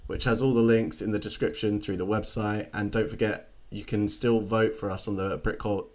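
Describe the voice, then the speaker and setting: A man's voice: lowish voice, little pitch movement, normal speed. A young man co-hosting a podcast, stumbling over his plugs and laughing at himself. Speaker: podcast co-host. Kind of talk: casual chat, reading out show plugs.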